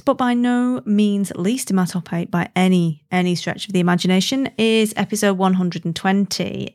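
A woman's voice: medium pitch, a little mellow. A woman hosting a podcast in casual chat, bubbly and gushing, laughing often. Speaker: podcast host.

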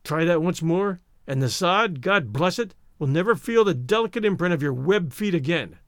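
A man's voice: sits high, animated, normal speed, no room sound, studio quality. A man voicing a jovial, boisterous Irish fighter who teases his foes, read aloud as part of a story. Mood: jovial, teasing. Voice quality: boisterous, mocking.

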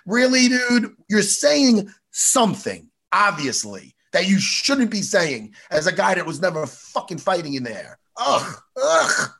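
Host, male, higher-pitched, gravelly and husky, animated and profane. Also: measured pace, hardly any pauses. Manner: animated, swears a lot, rambling. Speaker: podcast host. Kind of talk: casual profane chat.

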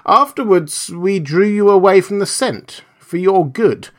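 A man reading the part of a cold, steady male mad scientist in an audiobook, talking in a measured, persuasive way. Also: sits high, pitched above the performer's own voice.

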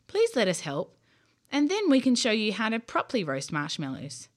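A woman doing a high, brave little boy. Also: wildly swooping pitch, normal speed. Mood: earnest. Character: young boy, brave but nervous. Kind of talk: bedtime story character voice.

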